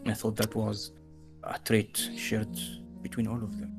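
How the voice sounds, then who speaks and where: A man with a gravelly voice narrating as game master, hesitant with many fillers. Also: fairly low pitch, monotone, a little slow, music in the background.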